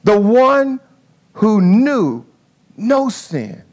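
A man preaching a sermon with an object lesson, in a folksy way that swings from quiet asides to loud dramatic calls. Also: high-pitched, very animated, very slow.

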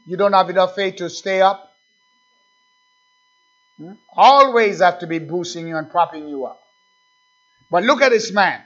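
Male preacher, slow deliberate sermon delivery building to fervent calls, dull low-fi recording. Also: expressive. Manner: preaching with rising, fervent calls and quiet asides.

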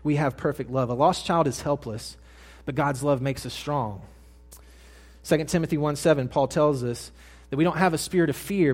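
A young adult male pastor preaching a sermon, earnest, dropping to hushed tones and then rising to loud emphatic lines. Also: fairly high pitch.

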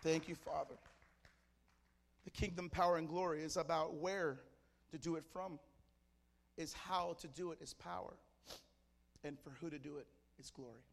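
A man from Mexico preaches at a church service at normal speed, his slightly high voice creaky and steady, with long pauses and a long reverb tail. He's a fervent pastor telling stories to the congregation in short, punchy phrases.

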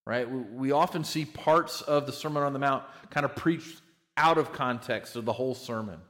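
A man's voice: mid-range voice, moderate pace, fairly bright tone. A man preaching a sermon, conversational and repetitive, often checking in with "right?". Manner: conversational, repeats words, frequent "right?". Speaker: pastor.

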